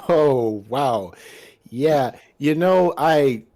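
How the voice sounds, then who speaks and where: A man's voice: a little high, lively intonation, very slow, warm tone. A man playing in a tabletop game, hesitant and giggly, hedging with lots of fillers. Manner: hesitant, laughing, full of fillers. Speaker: player. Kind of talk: casual tabletop play.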